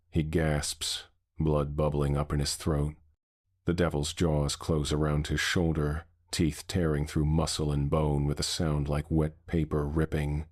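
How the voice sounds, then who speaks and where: A man narrating a scripted horror story in a measured, somber way. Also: a bass voice, no echo, clean studio sound.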